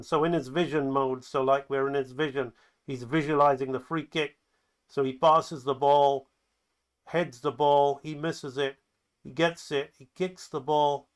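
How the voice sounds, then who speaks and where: A man who teaches animation talks through his own animatic in a loose, chatty way, calling the action play by play. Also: on the high side. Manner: lively, excited commentary that acts out the scenes; loose, chatty, with fillers and restarts. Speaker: animation instructor.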